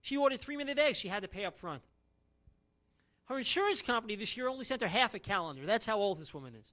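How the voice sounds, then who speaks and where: A man's voice: high voice, animated, fast, sharp tone. A man around forty performing a stand-up comedy routine with brash, punchy one-liners and no audience.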